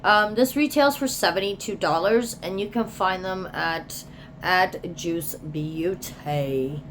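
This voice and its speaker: A woman's voice: fairly low pitch, slow pace, slight background noise. A woman chatting casually as she unboxes products, reading product descriptions aloud and sometimes dropping to a whisper. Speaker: beauty vlogger.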